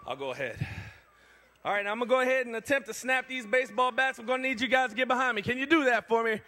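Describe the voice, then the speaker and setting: High-voiced man hyping a live crowd. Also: quick pace, a little hiss or hum. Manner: energetic, rallies the crowd and kids. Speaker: strength ministry performer. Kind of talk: live stage demonstration. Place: church event hall.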